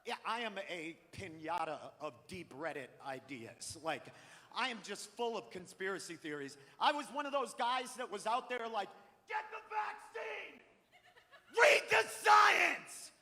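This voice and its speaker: A high-voiced man tears through a profane stand-up rant, his bright, cutting tone jumping into shouts. The live theater stream carries a long hall reverb around him. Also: big pitch swings, normal speed. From Maine. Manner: profane, ranting, bursts into shouting. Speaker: stand-up comedian. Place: large theater stage. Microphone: handheld stage mic.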